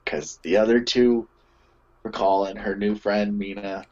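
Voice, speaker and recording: A man's voice: fairly low pitch, fairly even intonation, measured pace, darkish tone, close to an everyday voice. A man voicing his tabletop character, a concerned adventurer visiting a jailed friend, talking hesitantly with stammered restarts. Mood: earnest. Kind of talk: in-character tabletop role-play. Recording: dull lo-fi mic.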